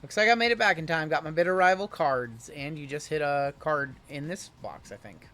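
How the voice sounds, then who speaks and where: Upbeat high-voiced man calling card pulls. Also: a little fast, bright, forceful tone, soft background music. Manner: upbeat, chatty, teasing. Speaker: card break host. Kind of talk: live card-break stream commentary.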